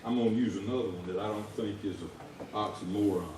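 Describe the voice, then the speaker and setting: In a church sanctuary captured from far off with lots of echo and a noisy background, a Southern US lay preacher talks fast in a fairly low voice. He's folksy and conversational, shouting as his stories peak.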